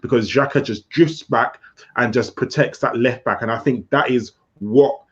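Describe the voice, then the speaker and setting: A man co-hosting a football podcast, earnest and emphatic, repeating himself as he argues his point. His voice sits at a middle pitch. It comes through dull and lo-fi. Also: moderate pace. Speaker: podcast co-host. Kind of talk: casual football discussion. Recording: dull lo-fi sound.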